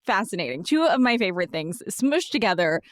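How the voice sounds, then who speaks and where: A woman's voice: mid-range voice, very animated, brisk, no room sound, studio quality. Eager woman hosting a money podcast. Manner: enthusiastic, self-described nerd. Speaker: podcast host. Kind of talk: interview questions.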